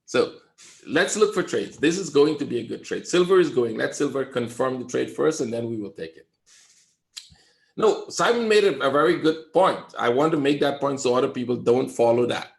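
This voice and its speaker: A man's voice: medium pitch, lively intonation, normal speed, creaky, reverberant. A man running a live trading webinar, lecturing bluntly and often asking "right?" to check that his listeners follow. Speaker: trading coach.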